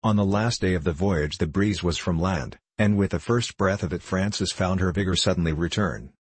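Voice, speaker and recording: Deep husky male audiobook narrator. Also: normal speed, dry recording. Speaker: audiobook reader. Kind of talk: scripted narration.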